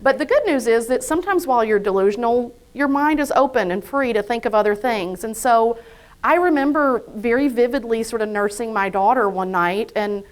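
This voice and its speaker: A woman's voice: fairly high pitch, a little fast. A woman giving a live motivational talk to an audience in an event room, a chatty, self-deprecating storyteller who acts out her own inner thoughts. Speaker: invited speaker.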